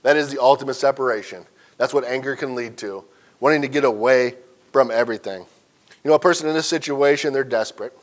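A man's voice: medium pitch, fast talker. A man from central Illinois teaching a church Sunday school lesson, telling folksy stories and asking the class questions. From central Illinois, USA.

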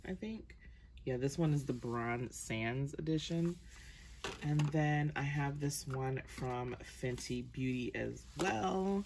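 A woman beauty vlogger talks unhurriedly through her makeup collection, her voice carrying a gravelly, fry-laden texture. She rambles and corrects herself mid-phrase, stretching out her ums. A steady hiss of noise sits under the recording. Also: a bass voice. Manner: chatty, rambling, trails off with ums and self-corrections. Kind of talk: casual makeup collection walkthrough.

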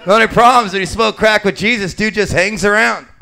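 Forceful, crisp-voiced stand-up man. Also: sits high, quick pace. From Alaska. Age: late 40s. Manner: crude, profane, self-mocking jokes. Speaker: stand-up comedian. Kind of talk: live stand-up set. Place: brewery bar stage with live audience.

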